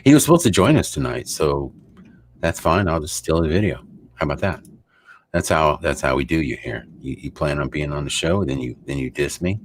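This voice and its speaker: Deep-voiced rambling man. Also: animated, a little fast, slight background noise. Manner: rambling, joking, swears freely. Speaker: host. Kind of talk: casual chat.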